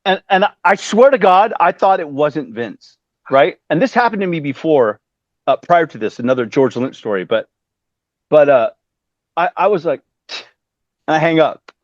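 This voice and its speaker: A man in his fifties telling stories casually as a musician guest, animated and acting out the voices of other people he quotes. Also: fairly high pitch, moderate pace, no room sound. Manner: animated, acts out quoted voices, swears freely. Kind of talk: casual storytelling. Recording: dull dry lo-fi sound.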